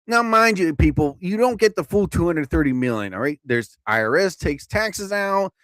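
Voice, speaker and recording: A man runs a live comedy stream in a rambling, animated monologue and chuckles at his own jokes. His voice sits fairly high and swings widely up and down. The sound is dry and close, with no room around it. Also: moderate pace, few pauses, no echo.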